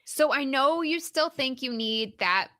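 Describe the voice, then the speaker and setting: A woman hosting a solo motivational podcast as a career coach, encouraging and emphatic, slowing down to stress key points. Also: sits high, animated, pushed and bright, no room sound, clean studio sound.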